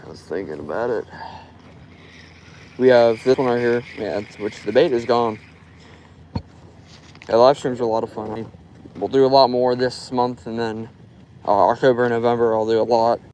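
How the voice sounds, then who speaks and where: A man's voice: mid-range voice, fairly even intonation, normal speed, pauses often, a little mellow, a little hiss or hum, rough recording. Rambling young man by the river. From Florida. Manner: loose and rambling, full of "like". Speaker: fishing live streamer. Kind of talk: casual live stream chat. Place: outdoors by a river.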